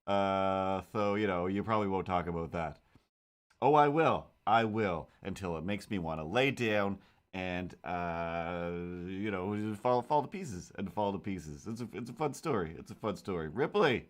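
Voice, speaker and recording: A man's voice: lowish voice, expressive, normal speed. Dude rambling to his stream chat, jokey, keeps restarting his sentences, desk mic. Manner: rambling, self-interrupting, jokey. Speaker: streamer drawing comics and chatting. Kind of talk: casual live-stream chat. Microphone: desk microphone.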